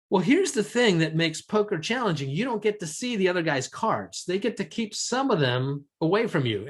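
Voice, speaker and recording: Lively man lecturing a seminar. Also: on the high side. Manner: lively, asks the audience questions. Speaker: negotiation trainer.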